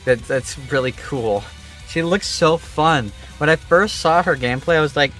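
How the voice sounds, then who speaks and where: A man's voice: on the high side, normal speed, a bit bright, soft background music. A man streaming a game, chatting casually in a rambling, profane, offhand way. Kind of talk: casual livestream chat.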